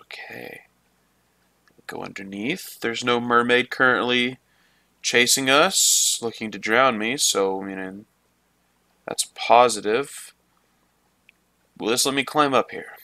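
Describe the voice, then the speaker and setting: A man's voice: mid-range voice, takes it slowly, pauses often, sharp tone, no room sound. A man giving running let's play commentary on a game, swearing often and talking to himself and at the game. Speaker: gamer.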